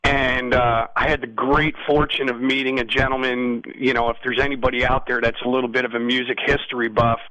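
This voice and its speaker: Male musician guest, bright forceful storyteller, rambling and animated, dry close sound. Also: medium pitch, a little fast, hardly any pauses, dry recording, low-quality recording. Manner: frequent "you know what I mean". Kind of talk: casual storytelling interview.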